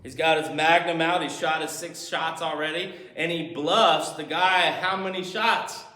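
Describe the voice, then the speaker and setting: A man's voice: a little high, steady tone, normal speed, pushed and bright. A male pastor preaching a sermon in a church, telling stories and acting out movie scenes as he goes. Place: church sanctuary. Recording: echoey church room.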